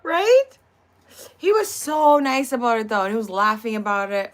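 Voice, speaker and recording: A woman hosting a cooking livestream who talks casually and tells stories with lots of animation. Her voice is high and lively. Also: normal speed. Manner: animated storytelling, greets viewers. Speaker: livestream host. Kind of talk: casual chat while cooking.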